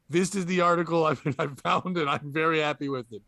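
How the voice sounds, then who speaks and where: A man's voice: on the high side, fairly quick, bright, forceful tone, dry recording. A man hosting a comedy podcast, joking around and reading a news story aloud with frequent laughs. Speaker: podcast host.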